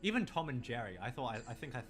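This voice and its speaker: A man's voice: mid-range voice, sing-song, fast talker, a bit bright, faint music behind. A young Australian man with an Australian accent chatting casually on a stream, rambling off into tangents and swearing freely. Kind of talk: casual late-night chat.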